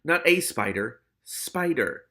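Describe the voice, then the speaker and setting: A sinister male rat spirit hisses from inside a cat's head, as a man reading aloud puts him on. The voice is eerie and menacing, with a gravelly, bright edge. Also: medium pitch, sing-song, slow, exaggerated voice.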